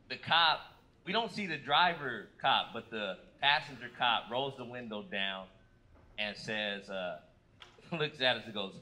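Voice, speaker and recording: A man from Fresno performing a stand-up comedy set, telling stories with loud acted-out quotes on a club stage. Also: mid-range voice, measured pace, slight background noise. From Fresno, California. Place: comedy club stage before a live audience.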